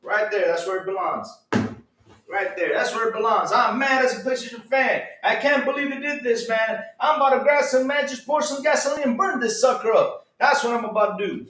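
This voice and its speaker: A man hosting a casual live stream, reacting excitedly with mock outrage and talking straight to his chat. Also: extremely high pitch, a little fast, reverberant, background noise. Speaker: streamer host.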